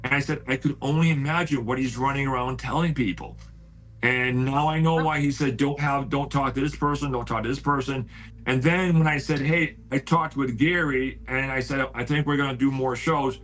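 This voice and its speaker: An excitable man tells a long story over a video call, with a steady middle-range voice. He repeats himself, quotes both sides of every exchange, and lets curses fly as his temper rises. A faint hum sits under the line. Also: mid-range voice, moderate pace, poor audio. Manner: excitable, repeats "I said", swears when heated. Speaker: paranormal house owner telling a story.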